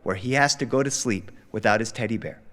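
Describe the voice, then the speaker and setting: A man voicing a frustrated but loving father with a Cuban Spanish accent, quick and blustery. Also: lowish voice, a bit bright, long reverb tail, voice pushed down, close to an everyday voice. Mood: exasperated fatherly.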